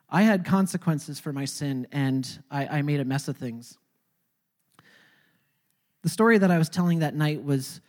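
A speaker recounts a personal faith testimony in a halting, conversational way, often doubling words before pressing on. The voice sits at an ordinary middle pitch. It rings with a long, hall-like reverb. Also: darkish tone. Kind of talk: personal storytelling.

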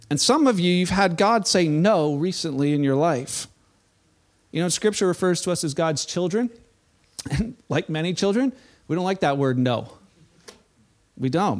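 A middle-aged man, a pastor, preaching a sermon in a church in a conversational, playful way, acting out the voices he quotes. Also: high-pitched.

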